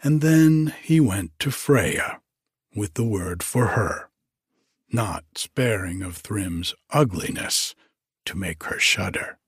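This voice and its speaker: A man narrating a myth as a storybook reading, in a slow and deliberate manner. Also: fairly low pitch, expressive, slightly rough, no echo, clean studio sound. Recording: faint background music.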